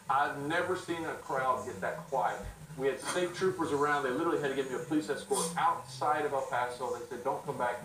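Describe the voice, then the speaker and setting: Fast-talking man telling wrestling-style stories. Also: medium pitch. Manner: animated and quick, with laughs and restarts. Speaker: interview guest. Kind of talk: storytelling in a casual interview. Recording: roomy sound from a distant mic.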